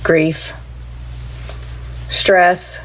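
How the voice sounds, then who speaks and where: Weary, flat-voiced woman. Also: lowish voice, very slow, low-quality recording. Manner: weary, reflective. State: tired from lack of sleep. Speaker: content creator. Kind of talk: candid vlog.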